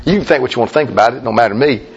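A man's voice: rapid-fire, muffled recording, a little hiss or hum. A man preaching a folksy, emphatic sermon as a pastor, talking straight to his congregation. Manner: folksy, emphatic preaching, mimics objectors in a high voice.

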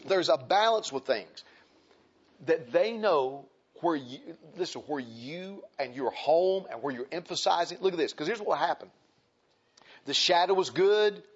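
A man's voice: high voice, breathy edge, highs cut off. A man preaching a sermon to his congregation, emphatic and repeating his points, calling them brethren. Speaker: pastor.

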